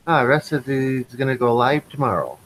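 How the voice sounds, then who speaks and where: A man at mid pitch hosts a laid-back livestream and reads viewer chat aloud between remarks. His delivery is relaxed and conversational. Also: normal speed, rough recording. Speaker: livestream co-host reading chat.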